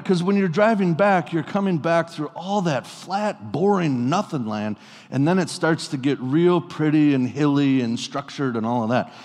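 A man preaching a sermon in a relaxed, conversational way, telling stories with playful asides to his congregation. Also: fairly high pitch. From US Pacific Northwest. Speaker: pastor. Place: church sanctuary. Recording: long reverb of a church hall.

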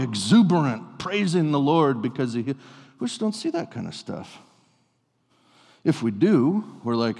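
A man preaching a sermon in a relaxed, conversational way, telling stories with playful asides to his congregation. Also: on the high side, normal speed. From US Pacific Northwest. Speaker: pastor. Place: church sanctuary. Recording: long reverb of a church hall.

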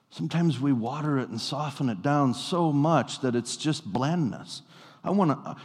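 A man preaching a sermon in a relaxed, conversational way, telling stories with playful asides to his congregation. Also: mid-range voice. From US Pacific Northwest. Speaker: pastor. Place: church sanctuary. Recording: long reverb of a church hall.

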